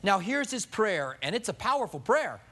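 Delivering a sermon at a moderate pace, a male pastor uses a fairly high, sing-song voice that sounds pushed and bright, rising and falling with emotion. Along the way he peppers the congregation with rhetorical questions and performs everyday quotes.

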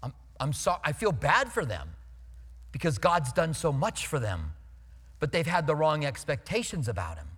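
A male pastor preaching a sermon in a conversational, storytelling way, emphatic, dropping his voice low for serious points. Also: big pitch swings, moderate pace, a bit bright, slightly rough, big-room sound.

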